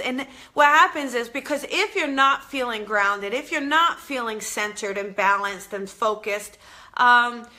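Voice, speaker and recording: This live stream host has a slightly high, bright and forceful voice. Upbeat and casual, she talks with her viewers while strolling from the house into her backyard garden.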